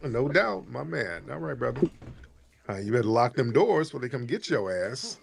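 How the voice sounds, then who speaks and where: A man's voice: fairly high pitch, lively intonation, fairly quick, gravelly, fairly bright tone. A man hosting a live call-in talk stream, speaking emphatically and repeating his points to drive them home. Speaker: host.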